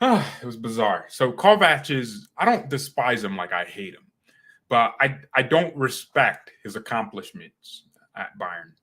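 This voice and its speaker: Man, young adult, livestream host, casual slangy chat, bright tone. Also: mid-range voice, unhurried. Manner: animated, slangy, excitable. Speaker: fan channel host.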